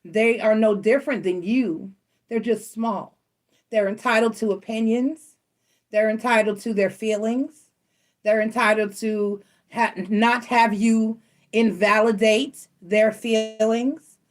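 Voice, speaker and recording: A woman's voice: fairly high pitch, slow pace. A middle-aged woman hosting a casual chat from home, telling stories bluntly and acting out the voices of the people in them. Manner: animated, blunt, swears casually, acts out quoted voices. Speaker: tarot reader and channel host.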